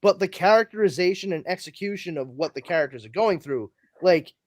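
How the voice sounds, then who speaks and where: A man with a fairly high voice that swings widely up and down as he talks. He chats casually and swears freely, and the sound is dry and close. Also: a little fast, dry recording. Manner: animated, swears freely, self-deprecating humor. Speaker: podcast co-host. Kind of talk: casual chat.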